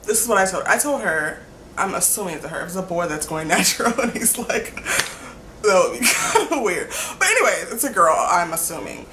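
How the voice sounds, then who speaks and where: A woman's voice: mid-range voice, sing-song, brisk, bright, forceful tone, a little hiss or hum. A young woman rambling in a casual vlog, giggly and apologetic, stringing thoughts together with lots of "like". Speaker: vlogger. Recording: echoey room with faint ambience.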